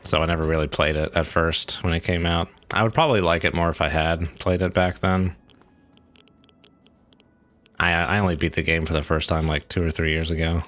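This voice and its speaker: A man's voice: low-pitched, little pitch movement, a little fast, fairly bright tone, dry recording, soft background music. A man streaming a game, giving casual, rambling commentary as he plays and thinks aloud.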